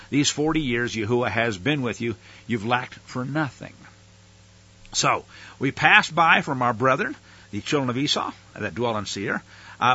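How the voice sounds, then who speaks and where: A man's voice: mid-range voice, sharp tone, husky, muffled recording. A man reading scripture aloud and breaking in with casual, slangy asides as a Bible teacher.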